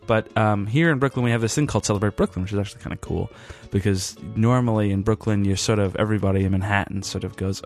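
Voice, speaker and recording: A man hosting a podcast in a casual, rambling way, worn out after a long day and pausing often with fillers. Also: lowish voice, soft background music. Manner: rambling, halting, with frequent fillers. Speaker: podcast host.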